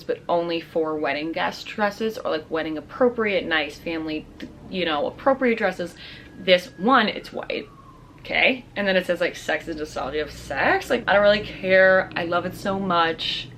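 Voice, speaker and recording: A woman's voice: lowish voice, fairly bright tone, a little hiss or hum. A young adult woman, a fashion vlogger, chatting casually through a try-on haul in a bubbly, gushing, slang-filled way.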